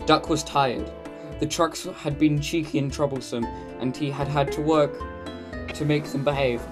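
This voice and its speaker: A woman narrating a children's railway story in a steady, plain reading manner over background music. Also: low voice, moderate pace.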